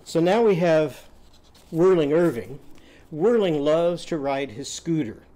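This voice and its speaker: Animated man teaching vowel sounds. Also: fairly high pitch. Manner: animated, loud drawn-out vowel shouts and quiz prompts. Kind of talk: demonstrating phonics lesson.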